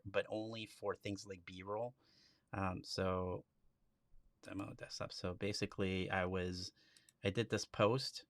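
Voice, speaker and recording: Low-voiced man demoing software casually. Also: no room sound, clean studio sound. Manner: chatty, with frequent restarts. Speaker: instructor hosting a live stream. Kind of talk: casual software demo walkthrough.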